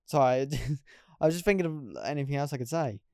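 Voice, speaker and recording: Young man, casual solo podcast chat, smooth voice, dry close sound, rambling and self-mocking. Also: medium pitch, lively intonation, brisk, a little mellow, dry recording. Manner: rambling, self-deprecating, laughs at himself. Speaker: podcast host.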